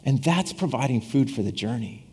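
Animated preacher in a reverberant hall. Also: male voice, medium pitch, normal speed, husky. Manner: conversational, repeats and restarts phrases, acts out quoted voices with humor. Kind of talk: casual sermon.

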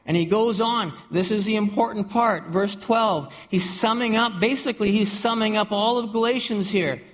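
A man's voice: high-pitched, moderate pace. A man preaching a sermon to his congregation, often repeating and restarting words and asking the room questions. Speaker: pastor. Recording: dull audio with long hall reverb.

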